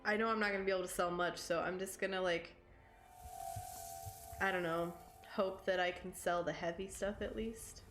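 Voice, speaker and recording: A woman with a scratchy throat and a fairly low, steady voice chats at a moderate pace while streaming a game from her home setup. She laughs often and swears now and then, and the recording has a roomy echo with game music behind her.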